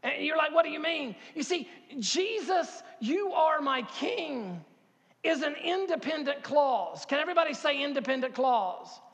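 Fifties male pastor, high-pitched and fervent, sanctuary with long reverb. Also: animated, unhurried. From Harkers Island, North Carolina. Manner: builds to loud impassioned preaching, repeats words, asks the crowd questions. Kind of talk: sermon. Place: church sanctuary.

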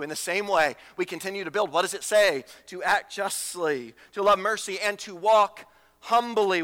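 A man's voice: sits high, bright, forceful tone, big-room sound. A man preaching a sermon as pastor, emphatic, repeating phrases and asking rhetorical questions.

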